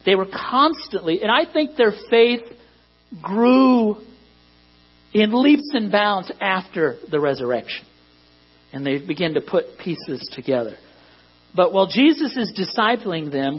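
A pastor with a high, breathy-edged voice preaches a sermon, speaking conversationally before building to emphatic high points. The recording is dull and lo-fi, with mains hum underneath.

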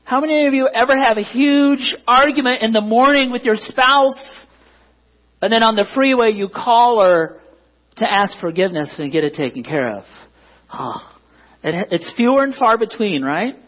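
Pastor guy preaching, kinda breathy voice, muffled lo-fi church recording, keeps asking "right?". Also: very high-pitched, lively intonation, moderate pace. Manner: conversational, self-deprecating, asks the congregation for agreement. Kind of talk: sermon.

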